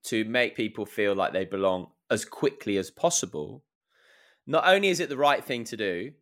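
A man's voice: on the low side, lively intonation, normal speed, a bit bright. A man interviewing a guest, building his points in short, thoughtful phrases. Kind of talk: conversational interview question.

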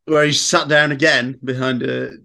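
A man's voice: mid-range voice, little pitch movement, normal speed, gravelly, bright, forceful tone. A man on a casual film-review podcast, making wry, understated remarks. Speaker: podcast co-host.

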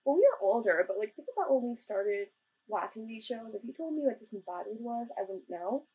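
A young woman co-hosting a casual chat recap of a ghost-hunting show, animated and laughing. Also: a little high, a little fast, husky, muffled recording. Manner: animated, laughing, retells scenes in quoted voices. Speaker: podcast co-host.

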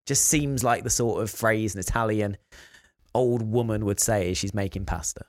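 A man's voice: on the low side, normal speed, no room sound, studio quality. A man co-hosting a podcast, explaining facts and telling stories in casual chat. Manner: explaining, storytelling. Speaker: podcast co-host.

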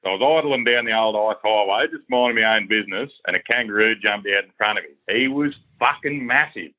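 A man's voice: lowish voice, brisk. An Australian man telling a colourful, crude yarn in a voice message to a podcast. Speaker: caller. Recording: dull lo-fi voice message.

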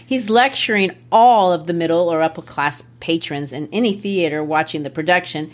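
A woman with a mid-range voice analyzes a stage play in a relaxed co-hosted discussion. She is clearly amused by the characters and explains them in careful detail. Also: mid-range voice. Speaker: podcast co-host discussing a play. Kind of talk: casual literary discussion.

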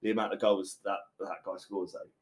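A man's voice: fairly low pitch, flat delivery, a little fast. A man hosting a casual football podcast, teasing his co-hosts and laughing often. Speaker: podcast host. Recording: roomy echo.

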